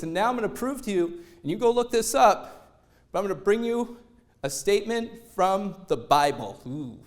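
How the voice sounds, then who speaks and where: A man giving a motivational stage talk, a lively storyteller who acts out quoted lines in other voices. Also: high voice, normal speed. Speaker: motivational speaker.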